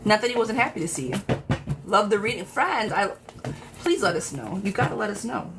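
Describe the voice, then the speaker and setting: A woman's voice: mid-range voice, sing-song, a little fast, noisy background. A woman hosting a live tarot reading stream, talking casually and affectionately to viewers by name. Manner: chatty, affectionate, talks straight to viewers by name.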